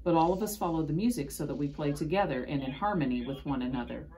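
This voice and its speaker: A woman voicing a calm, gentle young man who plays violin on an ocean liner. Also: low voice, quick pace.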